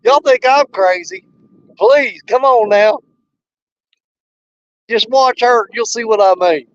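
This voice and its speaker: This older man from Missouri, United States, hosts a fishing stream outdoors on a river, bantering casually with viewers, cracking jokes and laughing often in a folksy manner. His pitch is extremely high, he speaks slowly, and the audio is dull.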